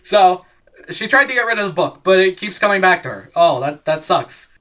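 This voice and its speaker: A man's voice: high voice, lively intonation, pushed and bright. A man casually retelling a scary story as comedy, rambling and swearing, often laughing at his own jokes. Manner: rambling, swearing, quick voice changes for quoted characters.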